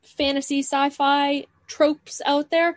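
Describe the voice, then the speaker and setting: A woman's voice: high-pitched, flat delivery, slow pace, dry recording, studio quality. A woman co-hosting a podcast in casual chat, with wry, sarcastic quips. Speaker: podcast co-host.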